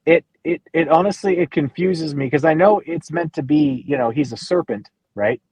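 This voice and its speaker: Husky, blunt man riffing on wrestling. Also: on the high side, moderate pace, darkish tone, dry recording. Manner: blunt, profane, riffs on silly ideas. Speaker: co-host. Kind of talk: casual wrestling talk podcast.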